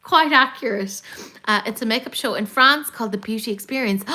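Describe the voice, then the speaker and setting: Irish woman, beauty livestream host, bright voice, excitable chatter, slightly high. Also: brisk. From Ireland. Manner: excitable, chatty, swears, gasps. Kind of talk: casual chat reading live comments.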